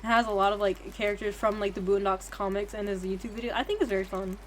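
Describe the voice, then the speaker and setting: A woman's voice: mid-range voice, steady tone, fast, slight background noise. Giggly, profane young woman streamer. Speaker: game streamer. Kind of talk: casual livestream chat.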